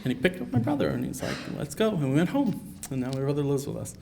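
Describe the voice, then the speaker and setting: A man's voice: on the high side, sing-song, fast, vocal fry, dark tone, a little hiss or hum. A man from Canada giving a keynote talk at a conference, earnest and personal, telling stories with many fillers. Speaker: keynote speaker. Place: conference hall.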